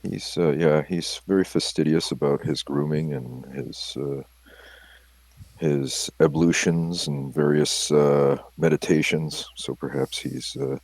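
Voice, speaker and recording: A man's voice: very deep voice, fairly even intonation, takes it slowly, darkish tone, dry recording. A man playing a tabletop game, describing his character in a wordy, hesitant way. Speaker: player.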